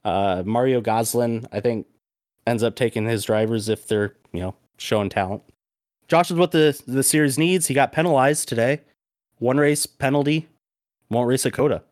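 A man hosting a podcast, telling a story in a casual, animated way with plenty of swearing. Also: medium pitch, normal speed, dry recording, clean studio sound. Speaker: podcast host. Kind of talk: casual chat.

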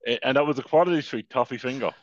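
A man co-hosting a comedy podcast, delivering dry, deadpan one-liners. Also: medium pitch, racing, dry recording, dull audio. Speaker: podcast co-host. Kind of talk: casual comedy podcast chat.

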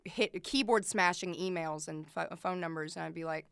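A woman's voice: lowish voice, moderate pace, gravelly, fairly bright tone, clear, resonant tone, no echo. A woman chatting casually about her old retail job, laid-back and rambling. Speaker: former retail store worker. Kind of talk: casual chat.

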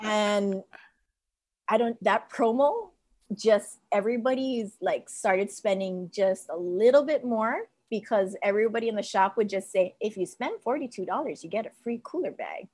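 A woman telling a story with lots of laughter, casual and animated, as a guest shop owner. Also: mid-range voice, moderate pace.

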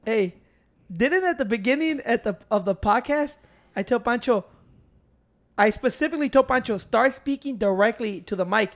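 A man's voice: very high voice, moderate pace. A man hosting a casual podcast. He keeps interrupting and scolds his co-host. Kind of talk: casual chat.

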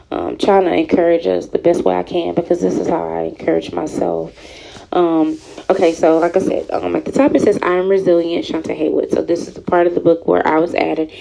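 This woman in her thirties from Houston, Texas, reads aloud from a story she wrote, breaking in with personal comments. Her voice is fairly low and gravelly, soft and halting with lots of ums, and she sounds emotional, close to tears. The audio quality is poor.

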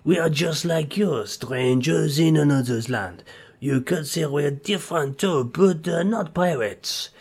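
A man's voice: a little high, expressive, unhurried, gravelly, breathy edge, heavily acted. A man playing a cheeky, joking crew member in an amateur audio drama. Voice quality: jokey, loud and playful. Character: cheeky male crew member on a time-travel mission.

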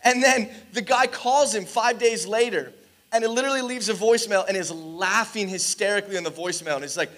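A man preaching in church with a high, light voice. He tells stories with energy and slips into the voices of the people in them. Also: fairly quick. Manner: animated storytelling, acts out quoted dialogue. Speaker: pastor. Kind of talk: sermon.

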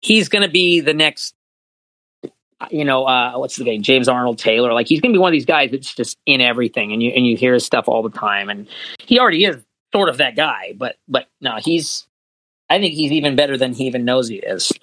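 Guy voice actor chatting earnestly, lots of restarts, mid pitch, dry close sound. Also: expressive, brisk, bright, forceful tone, no room sound, low-quality recording. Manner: rambling, restarts often, earnest. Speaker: voice actor guest. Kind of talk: casual interview chat.

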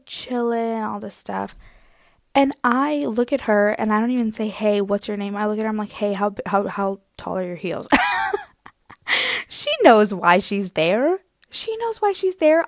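A young woman hosting a podcast, telling a rambling story in a casual, animated way with lots of filler words. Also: medium pitch, dry recording, studio quality. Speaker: podcast host.

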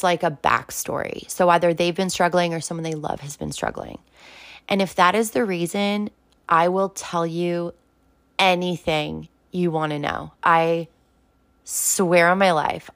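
A woman's voice: fairly low pitch, dry recording. Blunt, profane young woman, dry close sound. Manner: blunt, profane, heavy use of "like". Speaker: vlogger talking about sobriety. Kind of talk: casual direct-to-camera rant.

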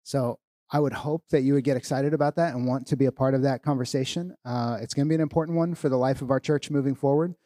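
A male church leader giving announcements in a relaxed, informal way, with fillers and restarts. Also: medium pitch, fast, no room sound, studio quality.

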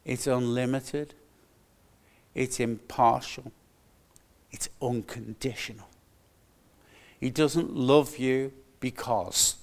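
An older man preaches a sermon in a mid-range, steady, creaky voice. He's earnest and emphatic, going slowly and repeating his key phrases.

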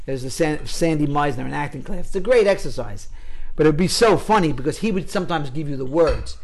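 A middle-aged man, a guest actor, telling stories in casual podcast chat, profane and animated. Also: on the high side, brisk. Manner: animated storyteller, profane, acts out voices.

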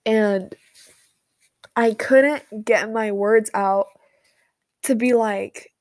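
Slow, halting young woman venting. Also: medium pitch, fairly even intonation, a little mellow. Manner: halting, unscripted, with many fillers and pauses. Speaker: vlogger. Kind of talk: personal venting monologue. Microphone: phone voice memo.

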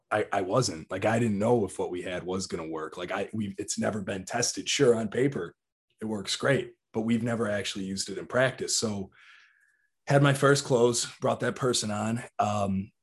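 A man who founded a company, talking earnestly and reflectively about his business and leaning on "like" as a filler. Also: lowish voice. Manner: earnest, reflective, uses "like" often. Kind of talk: casual conversational talk.

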